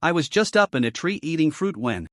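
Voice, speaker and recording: A man's voice: fairly high pitch, big pitch swings, a little fast, dry recording, studio quality. A man voicing a frightened small bird creature, shaken and fearful.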